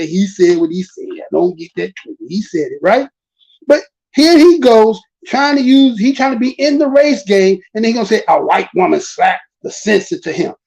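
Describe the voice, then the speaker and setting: Animated, profane American woman ranting. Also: fairly high pitch, muffled recording. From United States. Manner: animated, profane, repeats and drawls key words. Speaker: commentary channel host. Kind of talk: casual ranting commentary.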